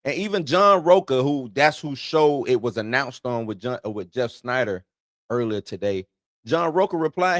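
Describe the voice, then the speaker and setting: A man's voice: a little high, moderate pace, fairly bright tone, no room sound, studio quality. A man hosting an entertainment news show in loose, slangy casual commentary, chuckling between points.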